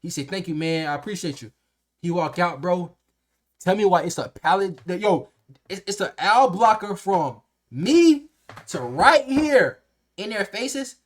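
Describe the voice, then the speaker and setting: A young man casually telling a workplace story to camera, animated and slangy, acting out the people in it. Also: sits high, slow. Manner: animated, slangy and profane, acts out quotes.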